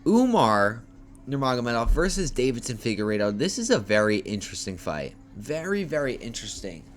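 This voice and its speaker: A man's voice: mid-range voice, fairly quick. Tired, foul-mouthed man giving fight picks. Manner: animated, profane, playful trash talk. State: tired, yawning late at night. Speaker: MMA fight picks host. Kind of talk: casual fight preview talk. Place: homemade setup.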